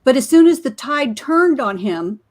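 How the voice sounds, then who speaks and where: A woman with a fairly high voice argues her opinions as a guest on a casual livestream. She keeps checking for agreement with a quick "right?". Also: very animated. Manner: opinionated, argumentative, ends points with "right?".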